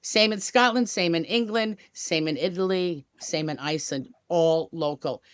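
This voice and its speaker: A woman's voice: on the low side, moderate pace, dry recording, clean studio sound. A woman guest on a travel podcast, talking in an upbeat, chatty way with many casual asides. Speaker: tour company guest. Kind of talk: enthusiastic podcast interview.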